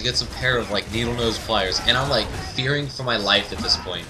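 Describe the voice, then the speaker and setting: A man telling a funny childhood story over game commentary, animated and laughing, climbing to excited yelps. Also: mid-range voice, fast talker, few pauses, a little hiss or hum, poor audio. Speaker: gaming commentator. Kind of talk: casual storytelling over gameplay.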